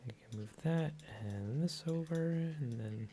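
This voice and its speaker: A man's voice: on the high side, lively intonation, a little slow, dark tone. A man streaming live, thinking aloud as he edits a video, mumbling to himself with whispered asides and unfinished sentences.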